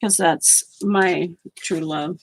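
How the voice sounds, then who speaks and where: Slow and fairly even in intonation, this middle-aged woman's fairly low voice comes through poor audio. She vlogs while crafting, chatting casually and telling outspoken stories as she goes.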